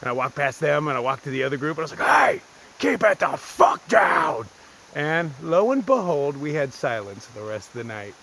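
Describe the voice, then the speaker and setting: A man's voice: medium pitch, animated, quick pace, few pauses, fairly bright tone, slight background noise. A man vlogging on a wooded mountain trail, telling stories in a blunt, profane, self-mocking way, a little out of breath from the climb. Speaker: solo thru-hiker vlogger. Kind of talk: casual vlog talk to camera.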